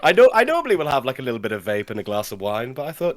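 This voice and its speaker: Lively, playful man chatting on stream. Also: mid-range voice, racing. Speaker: podcast writer. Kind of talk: casual live-stream chat.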